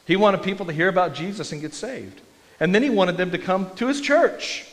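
Man, pastor, fairly high voice, casual sermon, long hall reverb. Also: fairly quick. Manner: conversational and self-deprecating with frequent restarts. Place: church sanctuary.

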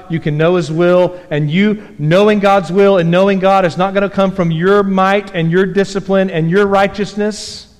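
High-voiced preacher in a reverberant church. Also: male voice. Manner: folksy storytelling preacher, rising to emphatic exhortation. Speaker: pastor. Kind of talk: sermon. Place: church sanctuary. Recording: long hall reverb.

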